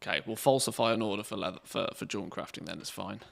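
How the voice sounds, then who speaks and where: A man streaming a game, chatting casually and thinking aloud in a relaxed, rambling way. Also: fairly low pitch, fast talker, gravelly. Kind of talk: casual live-stream commentary.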